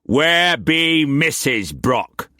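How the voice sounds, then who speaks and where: Roaring old sea captain, rough country dialect, high strained shouts, dry close sound. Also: male voice, sing-song, extremely slow, no room sound, exaggerated voice. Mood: raging.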